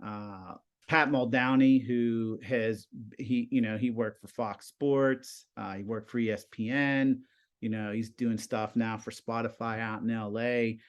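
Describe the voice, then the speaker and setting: A man in his fifties, a high school TV production teacher, telling stories casually as a guest and acting out the conversations he quotes. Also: a little slow, highs cut off. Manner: animated, acts out quoted conversations. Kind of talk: casual storytelling.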